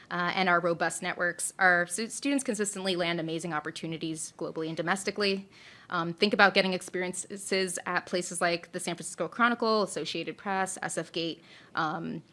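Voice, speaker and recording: Woman, presenter at an admissions open house, bright tone, scripted with lots of "um"s. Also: fairly low pitch. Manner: many "um" fillers, upbeat promotional tone.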